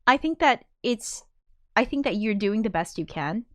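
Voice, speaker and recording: Animated and moderately paced at medium pitch, this film composer livestreams and reads her viewers' comments, speaking with emotion and rambling through lots of fillers and frequent swearing. The studio recording has no echo.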